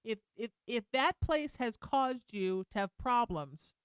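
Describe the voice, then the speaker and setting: Broadcasting from a radio studio, this middle-aged call-in host of Irish heritage speaks slowly in a slightly high, clear, resonant voice with lively intonation. She's chatty and self-teasing, warm and reassuring toward callers, and the dry recording is studio quality.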